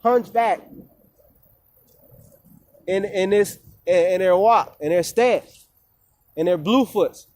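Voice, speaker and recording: A man with a high-pitched voice lectures his viewers straight to camera. He talks in a preachy, emphatic way and mixes in plenty of street slang. He speaks casually and forcefully, like a wellness coach making his case. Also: slow pace, pauses often. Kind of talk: informal monologue to viewers.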